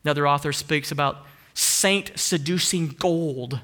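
A man preaching a sermon earnestly, asking rising emphatic questions and dropping into soft hushed asides. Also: a little high, unhurried. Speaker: pastor.

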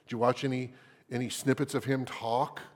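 A man preaching a sermon dramatically, at times dropping into a hushed whisper for emphasis. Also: mid-range voice, level tone, moderate pace.

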